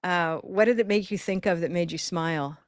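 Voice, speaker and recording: A woman leads a live pronunciation class over a video call, cheering her learners on and drawing words out slowly so they can hear each sound. Her voice sits a little low and reaches the mic dry, with almost no room sound. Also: dry recording. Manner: encouraging, stretches words slowly to demonstrate sounds. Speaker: pronunciation teacher.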